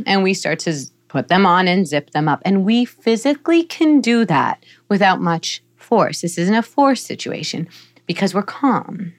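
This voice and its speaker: A woman's voice: mid-range voice, moderate pace. A middle-aged woman psychologist, a guest on a podcast, explaining parenting in an earnest, teaching way. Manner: earnest, explanatory, playfully animated in examples.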